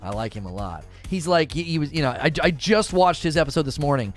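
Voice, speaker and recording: Guy streaming and chatting w/ viewers, kinda high voice, goes quiet at the end of sentences, faint music behind. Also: quick pace. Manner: animated, with sudden high-pitched bursts when quoting; trails off quietly at the ends of thoughts. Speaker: livestream host. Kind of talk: casual chat reading viewer comments.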